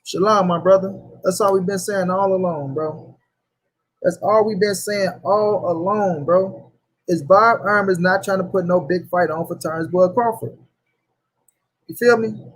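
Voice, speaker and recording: Husky heated man ranting about boxing. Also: high voice, measured pace, rough recording. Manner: heated, profane, repeats points, addresses chat. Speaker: boxing commentary host. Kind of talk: livestream rant reading chat.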